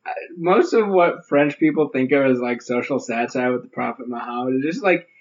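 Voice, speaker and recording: A man's voice: medium pitch, brisk, lo-fi sound. A man co-hosting a casual comedy podcast, rambling through jokes with lots of asides. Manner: rambling, many "like" and "uh" asides, joking. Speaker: podcast co-host.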